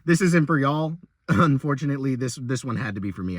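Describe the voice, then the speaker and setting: A young man venting about a rough day at work in a rambling, exasperated casual vlog rant, often stumbling and repeating himself. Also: medium pitch, fast, no echo, studio quality.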